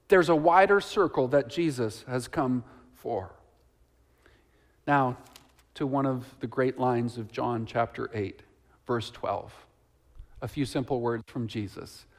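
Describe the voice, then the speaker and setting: A man preaching a sermon, reading scripture with soaring emphasis and dropping to hushed, reflective asides. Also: a little high.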